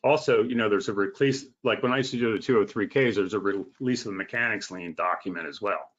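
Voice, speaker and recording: Male guest, lowish voice, blunt and sarcastic, casual talk, slightly muffled audio. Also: fast talker, a bit bright. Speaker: home inspector guest. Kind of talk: casual podcast conversation.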